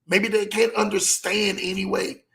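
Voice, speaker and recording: Gravelly motivational man, slightly high voice. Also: flat delivery, a bit bright. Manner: preachy, repeats key lines, slows for emphasis. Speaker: motivational show host. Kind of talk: motivational talk.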